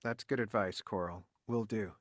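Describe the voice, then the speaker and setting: A man's voice: on the low side, steady tone, normal speed, dry recording, clean studio sound, lightly acted. A man with an American accent voicing a man with a cold in a scripted textbook dialogue. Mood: polite. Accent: American English. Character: man with a cold, polite and chatty.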